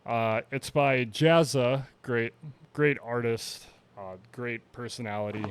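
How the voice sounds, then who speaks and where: A man's voice: medium pitch, slow pace, slight background noise. A man co-hosting a casual podcast, rambling loosely and laughing a lot. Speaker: podcast co-host. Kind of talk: casual chat.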